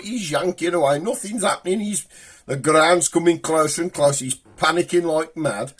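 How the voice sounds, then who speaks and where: A man's voice: on the high side, animated, moderate pace, husky. A man with a Black Country accent hosting a comic show, telling a long joke in a rambling, chatty way. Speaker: host.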